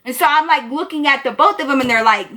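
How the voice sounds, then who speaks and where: A young woman telling a heated storytime on her channel, animated and profane. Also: sits high, fast. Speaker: YouTuber. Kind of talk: storytime vlog.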